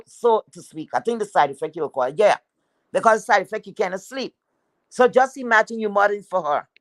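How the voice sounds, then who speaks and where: Woman streamer, mid-pitched, cursing and scolding her viewers, close and dry sound. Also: no room sound, rough recording. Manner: blunt, profane, scolding. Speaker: livestream commentator. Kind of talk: heated commentary rant.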